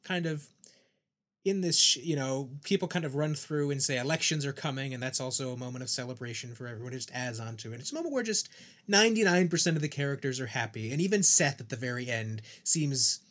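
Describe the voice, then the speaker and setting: A man's voice: mid-range voice, lively intonation, fast talker, fairly bright tone. A man co-hosting a podcast, talking through a TV series thoughtfully and often restarting his sentences. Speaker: podcast co-host. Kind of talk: casual chat.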